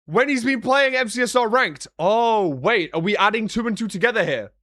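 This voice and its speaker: A young British streamer and analyst chats casually on a live stream, rambling and joking as he lurches between deadpan sarcasm and excited outbursts. His high voice sounds bright and forward, recorded dry and close to the mic.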